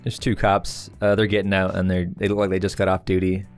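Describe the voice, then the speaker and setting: A low-voiced man runs a tabletop game, narrating the scene and chuckling between lines. He slips into quick voices for the people around the players. Faint music plays behind him. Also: completely flat delivery. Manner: laughing often, voicing side characters in brief bursts. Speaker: game master.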